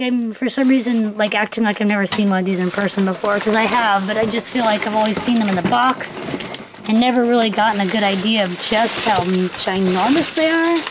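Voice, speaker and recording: Gushing young woman unboxing, noisy room. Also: on the high side. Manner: gushing, breathless exclamations. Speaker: toy collector vlogger. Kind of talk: excited unboxing vlog. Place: home filming area.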